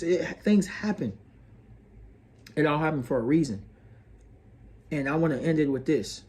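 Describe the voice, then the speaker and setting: A man with a fairly high, darkish voice speaks at normal speed, pausing often, as he hosts an astrology video. His motivational monologue is earnest and preachy, full of repeated phrases, and he addresses the listener as bro and sis.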